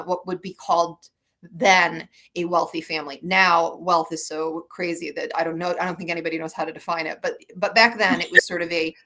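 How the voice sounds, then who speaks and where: Low, bright-toned woman telling stories. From Michigan. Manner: chatty and rambling, many fillers and restarts. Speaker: author, interview guest. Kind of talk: casual interview storytelling.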